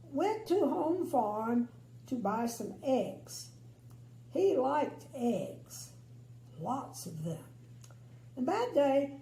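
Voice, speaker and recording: Older grandma storyteller: slow and lively, with a gravelly, mellow voice, recorded in an echoey room with a faint hum. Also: female voice, sits high. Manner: expressive, chatty, opinionated asides. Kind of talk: bedtime story reading with asides.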